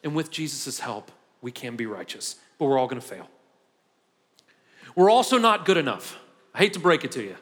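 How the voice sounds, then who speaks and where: A man's voice: medium pitch, sing-song, moderate pace, long pauses, fairly bright tone. A male pastor preaching a conversational sermon in a church, building from easy talk to impassioned peaks. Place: church sanctuary. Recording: long hall reverb.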